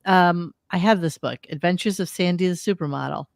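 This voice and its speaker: A woman's voice: fairly low pitch, brisk, creaky, no echo, studio quality. A woman hosting a casual talk show, ranting and sarcastic, swearing freely. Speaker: podcast host. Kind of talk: casual chat.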